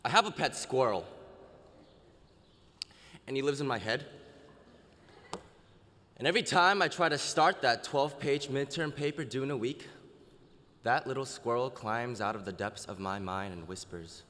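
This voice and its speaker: A man's voice: mid-range voice, moderate pace, long pauses, fairly bright tone, a little hiss or hum. A young man giving a self-deprecating, wry comic speech as a student orator at an outdoor ceremony. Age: young adult. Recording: outdoor PA with long reverb.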